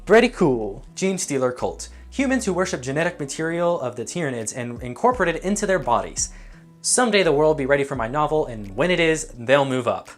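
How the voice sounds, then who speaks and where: A man's voice: a little high, very animated, soft background music. A young man giving comedic, sarcastic commentary while ranking game factions as a YouTuber. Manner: jokey, sarcastic, quick asides.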